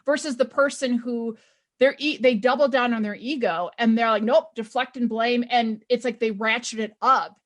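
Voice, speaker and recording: A woman's voice: on the high side, moderate pace. A woman hosting a podcast as a leadership coach, speaking in an emphatic, affirming way. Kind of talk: conversational interview.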